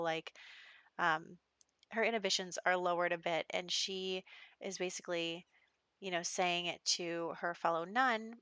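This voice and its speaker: A woman tells the story of her life-sim game in a loose, chatty storytelling way, giggling and filling gaps with "you know" and "like". Her voice sits a little low yet sounds bright and forceful. The recording is dry, with no room echo. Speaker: Sims let's play host. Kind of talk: casual storytelling gameplay narration.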